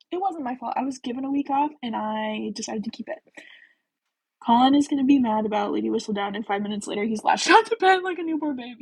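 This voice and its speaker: Woman, livestream host, casual chat, husky voice, slightly high, rambling, giggly. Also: poor audio. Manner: chatty, rambling, lots of "like" and "um"; giggly, self-deprecating.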